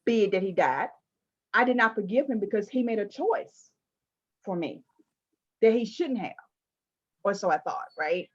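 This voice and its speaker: Animated woman telling stories. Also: mid-range voice, normal speed, pauses often, breathy edge, highs cut off. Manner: animated, emphatic storytelling with playful asides. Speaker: interviewer. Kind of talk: candid conversational interview.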